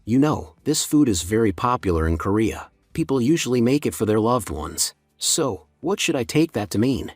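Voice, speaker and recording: A man's voice: mid-range voice, very animated, normal speed, few pauses, no room sound, clean studio sound, soft background music. A man voicing a cheeky, lovestruck teenage girl in a teasing, bubbly way.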